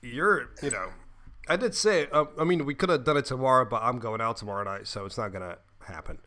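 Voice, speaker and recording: A young man with a bright, forceful voice chats loosely on a podcast he co-hosts. He jokes around and fills his talk with "uh" and "like" as he rambles. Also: medium pitch, fairly quick. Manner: jokey, rambling with fillers. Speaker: podcast co-host. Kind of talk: casual chat.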